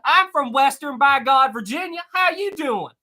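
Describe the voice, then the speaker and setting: A man's voice: extremely high pitch, animated, moderate pace, bright, forceful tone, voice pushed up, exaggerated voice. A man putting on an over-the-top Southern US accent as a folksy, drawling male greeter. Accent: exaggerated Southern US. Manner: hammy, drawling.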